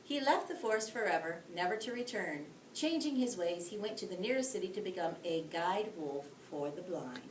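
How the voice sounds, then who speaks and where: A woman teacher reads a bedtime story aloud with a lively, swooping voice and chatty asides to young listeners. The room is echoey and the mic sits some way off. A faint hiss runs underneath. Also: fairly low pitch, moderate pace, hardly any pauses, far from the mic.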